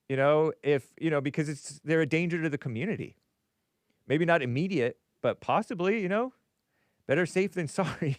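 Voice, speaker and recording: A man's voice: fairly high pitch, moderate pace, no room sound, studio quality. A man hosting a live call-in stream, reading viewer messages aloud in a casual, rambling way with playful asides and chuckles. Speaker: call-in show host.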